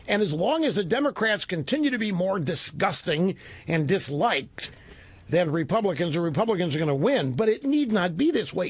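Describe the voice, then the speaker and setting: Gravelly, animated male radio host. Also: dry recording. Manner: emphatic, animated, sweeping pitch swings. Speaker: radio talk show host. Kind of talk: opinionated call-in radio talk. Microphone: studio microphone. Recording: dry close studio sound.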